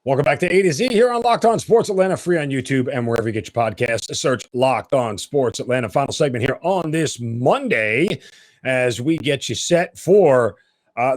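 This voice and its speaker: Male solo sports podcaster, opinionated and lively, dry booth sound. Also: medium pitch, dry recording. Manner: animated, opinionated, blunt. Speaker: podcast host.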